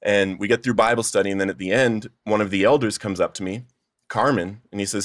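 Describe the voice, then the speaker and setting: A man's voice: on the low side, steady tone, fairly quick, no room sound, studio quality. A young man telling his recovery testimony in an earnest, emotional way. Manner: earnest, emotional storytelling, rising to near-shouting in retold pleas. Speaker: testimony speaker.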